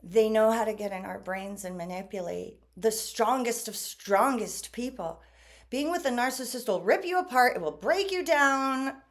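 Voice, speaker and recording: Woman vlogger, casual talk to camera, high-ish voice with a very lively, swinging pitch. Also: normal speed. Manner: animated, acts out quoted exchanges.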